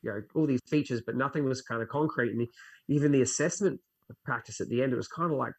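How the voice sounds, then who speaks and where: Animated man telling stories. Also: medium pitch, fast talker. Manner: animated storyteller who acts out his own inner voice. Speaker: fitness instructor guest. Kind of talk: casual interview chat.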